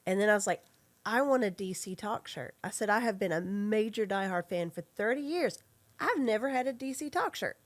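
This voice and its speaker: A woman with a Southern accent, a guest on a casual podcast, telling a lively story and acting out the voices in it. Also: medium pitch, brisk. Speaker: podcast guest, comic artist.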